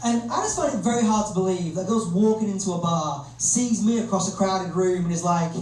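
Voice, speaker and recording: A young man with a Northern English accent, doing a self-deprecating stand-up comedy set as a lively storyteller on a comedy club stage. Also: high voice, brisk, a little hiss or hum. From north of England. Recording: echoey club, distant mic, crowd.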